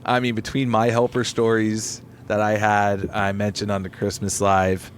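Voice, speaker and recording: A man's voice: lowish voice, moderate pace, a little hiss or hum. A man co-hosting a podcast, telling stories in casual, profane chat and acting out the people in them. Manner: animated storytelling with swearing and put-on quotes. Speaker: podcast co-host, delivery driver.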